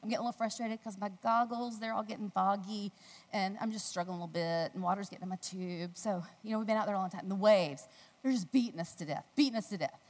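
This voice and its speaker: A woman from the United States giving a devotional talk, telling a personal story with animated delivery and acting out the voices in the story. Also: fast. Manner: animated storytelling, acting out quotes in a squealing high voice. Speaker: speaker at a faith gathering. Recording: long hall reverb.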